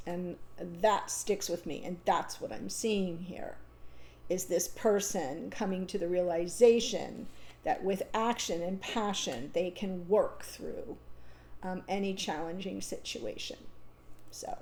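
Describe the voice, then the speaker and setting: A tarot reader reads the cards aloud in an unscripted monologue, thoughtful and reassuring, thinking aloud with ums and restarts. Her voice is fairly low, slow, and darkish in tone.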